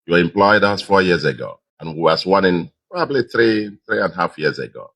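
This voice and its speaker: Nigerian man, very deep voice, bright forceful tone, emphatic victory speech. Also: lively intonation, fairly quick. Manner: emphatic, repeats key phrases. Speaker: re-elected governor giving victory speech.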